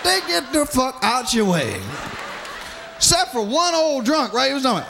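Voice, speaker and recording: A man doing a stand-up routine, telling a profane story with lively acted-out voices. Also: extremely high pitch, normal speed, gravelly, crowd noise, background noise. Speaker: stand-up comedian.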